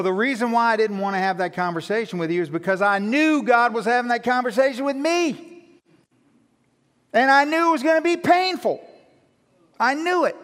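A man preaching a sermon, telling stories about himself with self-mocking humor and animated delivery. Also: high voice, long reverb tail. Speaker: pastor.

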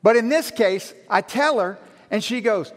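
A male pastor with a high voice for a man delivers a sermon in a lively, self-mocking storytelling style, taking his time. A long reverb carries his words through the church sanctuary.

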